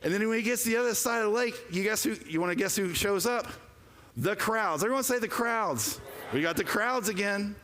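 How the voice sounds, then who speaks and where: A man preaching a lively, joking sermon, calling for the congregation to respond. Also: high-pitched, brisk, a little hiss or hum. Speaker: pastor. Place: church sanctuary. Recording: long reverb of a church hall.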